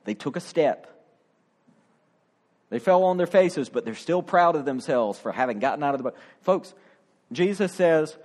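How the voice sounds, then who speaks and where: A man's voice: a little high, expressive, moderate pace, pauses often, darkish tone. A middle-aged male pastor preaching a sermon, acting out the quoted voices with drama.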